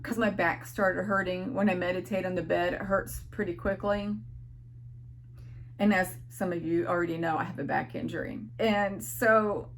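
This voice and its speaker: A woman's voice: mid-range voice, slight background noise. Earnest woman sharing a spiritual experience. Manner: earnest, emotional, rambling with restarts. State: near tears at times. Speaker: spiritual vlogger. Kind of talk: casual personal storytelling.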